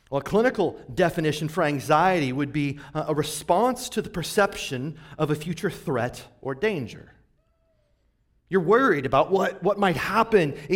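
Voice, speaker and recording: A man in his forties preaching a sermon in a relaxed, conversational way, often tagging rhetorical questions onto his points. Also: fairly high pitch. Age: 40s. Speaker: pastor.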